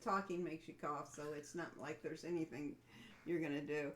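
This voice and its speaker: A woman's voice: sits low, steady tone, moderate pace. A woman co-hosting a game developers' livestream, chatting casually and reminiscing in a meandering way. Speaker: co-host of a game developers' stream.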